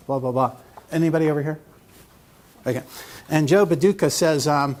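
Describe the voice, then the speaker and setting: A man's voice: fairly high pitch, brisk, a little mellow. A man giving a live lecture to a room of lawyers, rambling through a joke and asking the audience questions. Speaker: lecturer at a legal education seminar.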